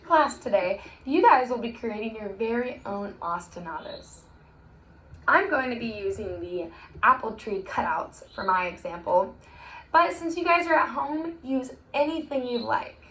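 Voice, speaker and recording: Chanting rhymes in a sing-song, encouraging way, a young woman records a children's music lesson in an echoey, faintly hissing room. Her pitch runs high, her intonation is lively, her tone fairly bright and her pace moderate.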